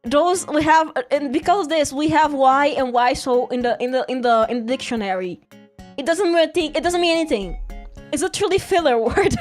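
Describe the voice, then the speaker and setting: A woman's voice: high-pitched, brisk, soft background music. A woman streaming, chatting and rambling through a story in English, laughing often. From Brazil. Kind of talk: casual rambling stream chat.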